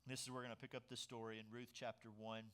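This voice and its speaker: A man preaching a sermon, telling stories with lively swings between loud emphasis and quiet asides. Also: mid-range voice, quick pace, smooth. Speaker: pastor.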